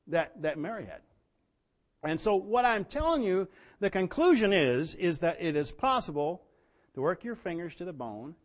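Telling homespun stories from the pulpit, a man with a slightly high voice moves from hushed asides to loud, forceful outbursts in his sermon.

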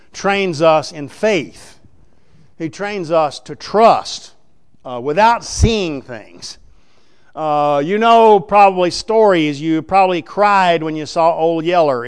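Folksy preacher man, clear voice. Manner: folksy, emphatic, rises to loud high preaching. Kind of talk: sermon.

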